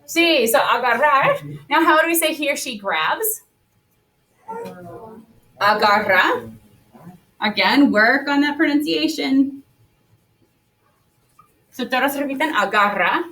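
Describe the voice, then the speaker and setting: A woman's voice: high voice, animated, a little slow, pauses often, fairly bright tone, distant mic, poor audio. A woman teaching a Spanish class, upbeat and coaxing as she leads the students through repetition drills. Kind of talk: classroom lesson.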